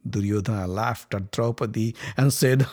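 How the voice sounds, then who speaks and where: A man narrating an epic story with dramatic, sometimes hushed delivery. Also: steady tone, a little slow. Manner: dramatic, dropping low for ominous moments.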